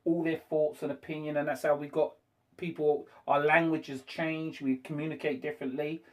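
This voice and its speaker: A man hosting a casual debate, talking haltingly with frequent restarts and fillers. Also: on the high side, little pitch movement, darkish tone. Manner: hesitant, halting speech with many restarts.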